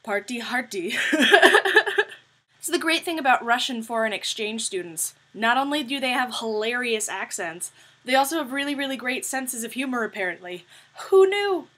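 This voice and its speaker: A young woman vlogger chats to her camera with animated, jokey storytelling and frequent swearing. Her voice is bright and sharp, sitting a touch high. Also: fairly quick. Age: young adult. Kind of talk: casual chat to camera.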